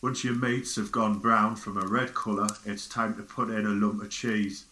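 A man voicing a hairy, gruff male Geordie biker cook with a Geordie accent, giving a deadpan comic recipe demonstration in an echoey recording. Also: lowish voice, moderate pace, a little hiss or hum. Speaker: recipe presenter. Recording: echoey, sounds like a station tannoy.

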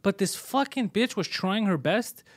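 A man hosting a casual comedy podcast, telling a story in an animated way and swearing a lot. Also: high voice, measured pace, no room sound. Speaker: podcast host.

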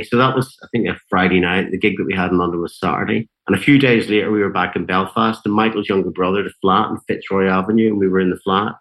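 A very deep-voiced, middle-aged man with a Northern Irish accent settles into a casual interview as a guest guitarist. He tells meandering anecdotes and acts out what others said, his talk dotted with fillers. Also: fairly even intonation, fast, hardly any pauses, a bit bright, low-quality recording. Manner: rambling anecdotes, quoting others, many fillers.

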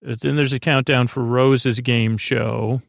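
A man with a gravelly, creaky voice rambles through a recap of a TV episode, full of hesitations and restarts. His delivery stays flat and level. The recording is dry and close, with no room sound. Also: medium pitch, a little slow, no room sound. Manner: meandering, many fillers and self-corrections. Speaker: podcast host.

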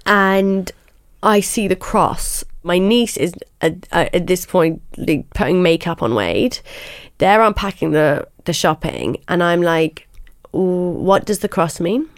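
A young woman telling her own story frankly in a podcast interview, chatty and animated, filling her talk with "like" and the odd swear word. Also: on the low side, takes it slowly, no echo, studio quality. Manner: chatty, animated, peppers speech with "like", swears casually. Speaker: podcast host, guest being interviewed. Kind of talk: candid storytelling.

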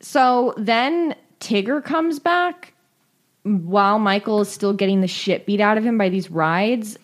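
A woman's voice: medium pitch, measured pace. A woman co-hosting a podcast, casually recapping a cartoon with profanity and quoted voices. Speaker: podcast co-host.

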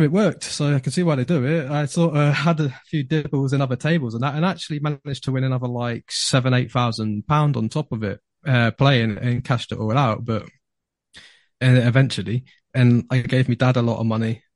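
Animated man telling a story. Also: mid-range voice, normal speed, dry recording, studio quality. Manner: animated, laughing, repeats words when excited. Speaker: podcast guest. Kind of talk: casual storytelling.

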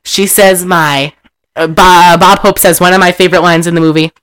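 A man casually retelling an old film, animated and profane, laughing often and acting out the characters' lines. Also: sits high, measured pace, long pauses, clear, resonant tone. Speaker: movie recapper.

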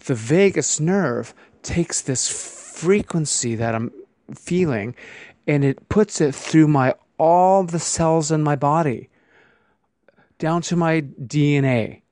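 A man hosting a podcast, talking in a gentle, meandering way with restarts and repeated phrases. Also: a little high, slow pace, dry recording, studio quality. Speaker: podcast host. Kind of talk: casual spoken podcast monologue.

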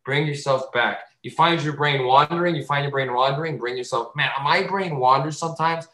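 Animated man in an echoey room. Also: a little fast. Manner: animated, swears freely, acts out bits with loud high voices. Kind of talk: casual chat.

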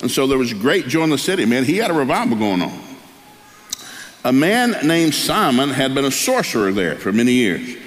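A man's voice: mid-range voice, moderate pace. Pastor guy telling a folksy story in his sermon, big reverby church hall. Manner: folksy, animated storyteller acting out voices. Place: church sanctuary.

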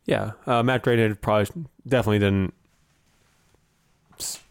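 A man's voice: fairly low pitch, fairly even intonation, normal speed, creaky, smooth, no echo. A man co-hosting a podcast, talking in a wry, conversational way. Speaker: podcast co-host. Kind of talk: casual chat.

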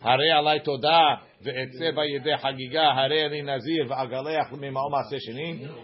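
A man's voice: mid-range voice, steady tone, moderate pace, lo-fi sound. A man teaching a Talmud class, reading the Aramaic in a sing-song study chant and explaining it in English.

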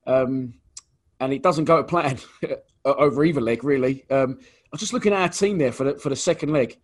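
A man's voice: mid-range voice, moderate pace. A man hosting a casual interview, chatting as a fan and reading off an old team lineup. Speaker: podcast host and fan.

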